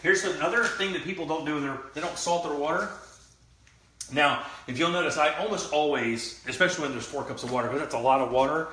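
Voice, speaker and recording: Male cooking-show host: bright, loose and chatty, recorded in an echoey kitchen. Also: on the high side, a little fast, slight background noise. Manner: chatty, loose, joking asides. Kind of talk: casual cooking demonstration. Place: kitchen studio.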